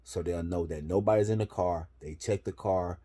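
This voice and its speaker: A man from Florida telling a personal story in casual, slangy, profane talk, often marking each step with "boom.". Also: moderate pace, dark tone.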